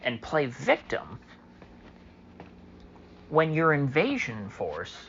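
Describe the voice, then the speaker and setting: A man's voice: mid-range voice, huge pitch swings, slow pace, creaky, a bit bright, lo-fi sound, a little hiss or hum. A man delivering a solo opinion monologue as a political commentator, sarcastic and mocking, with many fillers.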